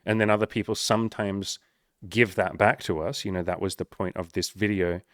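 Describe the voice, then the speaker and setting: Male life coach, lowish voice, dry close sound, frank and swearing. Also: fairly even intonation, brisk, dry recording. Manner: earnest, swears often, acts out quoted voices. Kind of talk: casual talking-to-camera advice.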